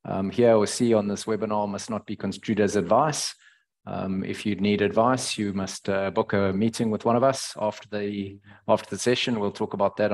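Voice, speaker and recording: Brief: South African male host on a headset, lowish pitch, hesitant, restarts often. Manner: halting, many fillers and restarts. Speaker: webinar host and financial planner. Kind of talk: online webinar presentation.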